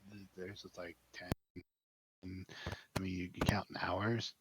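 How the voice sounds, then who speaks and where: A young man narrating as dungeon master in a relaxed manner, with hesitant fillers. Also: sits low, slow pace, noisy background. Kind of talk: narrating a tabletop game.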